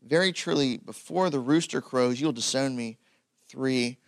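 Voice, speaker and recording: A man voicing a calm, knowing male teacher who speaks in measured words. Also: medium pitch, no room sound, clean studio sound, lightly acted.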